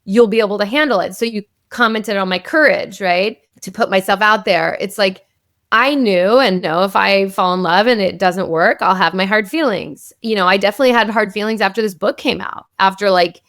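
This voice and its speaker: Smooth-voiced woman therapist talking freely. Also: mid-range voice, fairly quick, dry recording, studio quality. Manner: warm, flowing explanations peppered with "like" and "right?". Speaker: psychotherapist and author, guest. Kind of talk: casual interview conversation.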